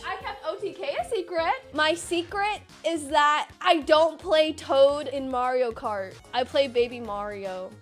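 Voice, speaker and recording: A woman in her twenties answering viewer questions in a casual vlog, bubbly and chatty with lots of quick asides. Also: high voice, a bit bright. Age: 20s.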